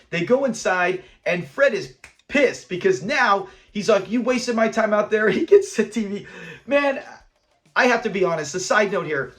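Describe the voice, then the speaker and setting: A man hosting a casual episode review, enthusiastic and rambling into side notes while acting out the lines. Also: high-pitched. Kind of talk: casual chat.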